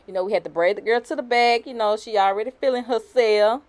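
A woman's voice: a little high, fast, a little mellow. A young woman doing a casual, unscripted voiceover for a wig install tutorial. She talks in chatty slang, full of "you know" and "y'all", and keeps breaking off to giggle and apologize out of nerves.

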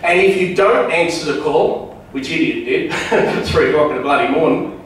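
A man's voice: fairly high pitch, moderate pace, a bit bright, slight background noise. Man talking in an echoey hall. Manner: chatty, quizzes the audience with questions. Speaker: guest speaker at a club meeting. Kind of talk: informal seminar talk to a live audience. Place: meeting room at a club. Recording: echoey room, distant mic.

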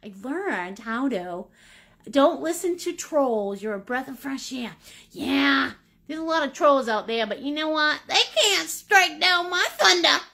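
With a high, expressive voice that's creaky and sharp, the middle-aged instructor from Maine, United States, talks at a measured pace. She runs a live paint-along class and keeps it playful and chatty, using pet names and silly sound words.

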